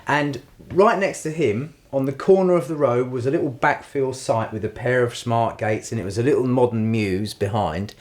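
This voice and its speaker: A middle-aged man co-hosting a podcast tells an anecdote animatedly in casual storytelling chat, acting out the voices he quotes. His voice is mid-range, his pace moderate, with hardly any pauses.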